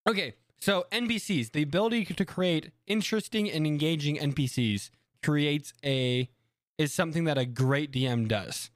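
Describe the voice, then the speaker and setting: A man co-hosting a casual podcast chat, animated and quick to joke and laugh. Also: on the high side, no echo, clean studio sound. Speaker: podcast co-host.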